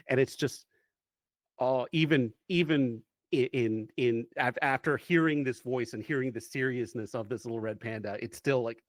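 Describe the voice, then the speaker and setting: A man's voice: medium pitch, normal speed, dry recording, clean studio sound. A man running a tabletop role-playing game as game master, narrating playfully with frequent restarts.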